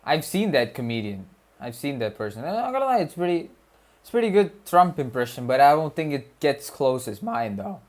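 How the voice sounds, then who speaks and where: A man's voice: a little high, sing-song, normal speed, a little mellow. A young man, a student streamer, chatting casually with his viewers, rambling, repeating himself and joking in slang. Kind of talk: casual livestream chat with viewers.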